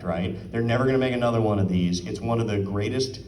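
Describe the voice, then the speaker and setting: A man with a mid-range, slightly mellow voice talks quickly and informally to a live audience at an art auction, asking them questions and dramatizing quotes. Captured off-mic from a distance, the audio sounds roomy and carries a little hiss or hum.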